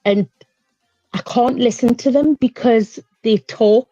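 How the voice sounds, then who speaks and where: A woman's voice: fairly high pitch, warm tone, no echo, soft background music. A middle-aged woman with a Geordie accent, chatting casually on a livestream panel and laughing often. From northeast England. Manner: chatty, laughs often, loose pauses and fillers. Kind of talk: casual chat. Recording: dull lo-fi stream audio.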